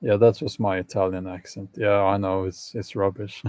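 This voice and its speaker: A man's voice: on the low side, level tone, moderate pace, darkish tone, no room sound. A man hosting a casual live chat with his viewers, hesitant and full of fillers, with wry opinions and frequent laughs. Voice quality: gravelly, hesitant with many fillers. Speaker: channel host answering live chat.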